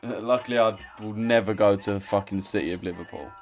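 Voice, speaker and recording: On a trading live stream, a young man with a fairly low voice chats casually at a slightly fast pace, reading comments, swearing and teasing viewers as he banters with chat. Soft music plays in the background.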